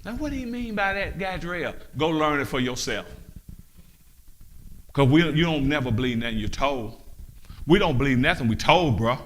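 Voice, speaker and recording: High bright-voiced preacher man, fiery sermon, keeps asking the crowd questions. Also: lively intonation, moderate pace, pauses often. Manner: fiery, rises to shouting, rhetorical questions. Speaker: pastor.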